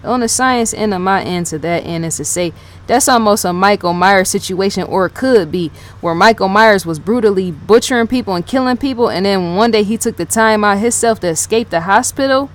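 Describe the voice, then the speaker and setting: A woman's voice: medium pitch, fairly quick. A woman giving casual unscripted commentary as a channel host, rambling, rereading her notes aloud and repeating herself, with many "yes" and "right?" fillers. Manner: fills talk with "yes", "right?" and "in fact".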